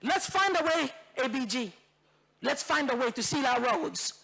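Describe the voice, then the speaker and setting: Woman MP with a Bougainville accent, passionate parliamentary speaker, gravelly and forceful, mixes in Tok Pisin. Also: high-pitched, lively intonation, normal speed. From Bougainville, Papua New Guinea. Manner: impassioned, emphatic, repeats phrases for force; switches into Tok Pisin phrases. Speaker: member of parliament. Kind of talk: parliamentary debate speech. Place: parliament chamber.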